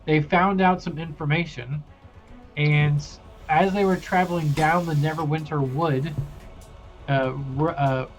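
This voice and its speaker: A young man recapping a tabletop campaign as game master, loose and rambling with many pauses. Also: fairly high pitch, steady tone, soft background music.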